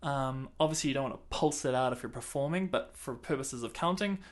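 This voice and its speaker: A man's voice: medium pitch, fairly quick, noisy background. A man teaching a clarinet lesson in a casual, chatty way, counting and singing the beats aloud and laughing at himself.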